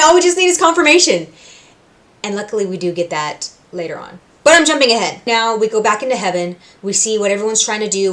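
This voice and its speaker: A woman from Puerto Rico hosting a reaction video, recapping scenes with animated storytelling and acting out the characters' lines. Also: medium pitch. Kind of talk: casual recap and commentary.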